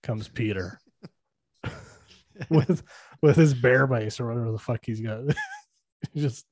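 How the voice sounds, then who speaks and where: A man's voice: medium pitch, unhurried, a little mellow, breathy edge, no echo. A man co-hosting a podcast, breaking down a movie in loose, profane chat and laughing often. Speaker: podcast co-host.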